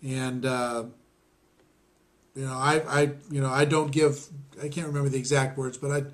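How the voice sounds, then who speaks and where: A man's voice: mid-range voice, level tone, normal speed. Rambling man telling a story. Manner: rambling, self-deprecating, many fillers and restarts; clears his throat often. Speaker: network marketing trainer. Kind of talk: storytelling lesson.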